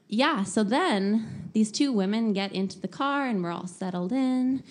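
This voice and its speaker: Animated young woman telling a story. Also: medium pitch. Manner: animated, laughing often, many filler likes. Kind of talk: casual personal storytelling.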